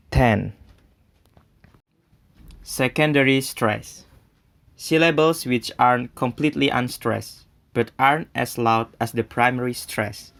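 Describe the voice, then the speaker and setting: Young guy, indonesian native speaker, reading his part of a class talk, creaky and slow. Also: mid-range voice. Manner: steady, careful reading. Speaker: student presenter. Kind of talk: read-aloud class presentation.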